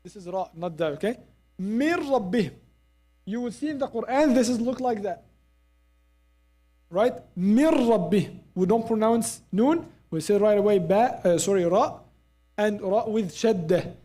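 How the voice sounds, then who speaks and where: A Quran recitation teacher giving a live class at a mosque, repeating example sounds slowly and checking in with students. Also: mid-range voice, dark tone.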